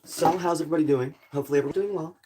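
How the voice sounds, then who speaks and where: A man's voice: a little high, racing, noisy background. A young man chatting casually to viewers on a live stream, rambling and apologetic, with a groggy morning voice. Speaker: livestreamer. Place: home in a rural area.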